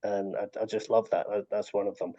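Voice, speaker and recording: A man's voice: on the low side, little pitch movement, brisk. A man telling stories in a casual video call chat, with many restarts. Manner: warm storytelling, frequent restarts. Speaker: author and story collector. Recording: dull lo-fi video call audio.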